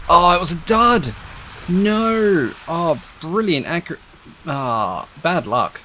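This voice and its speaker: A young man giving chatty, excitable commentary while playing a naval strategy game, with wry asides. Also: medium pitch. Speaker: gaming YouTuber.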